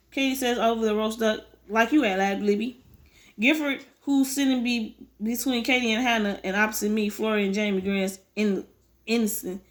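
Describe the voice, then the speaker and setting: A woman reading a novel aloud, often stumbling and rereading words. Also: fairly high pitch. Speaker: audiobook reader.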